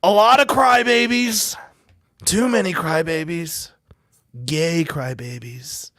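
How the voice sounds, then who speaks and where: A man putting on a mocking impression of a famous older male politician, jeering in a sing-song way with jumps in pitch. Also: slow pace, pushed and bright, no echo, studio quality.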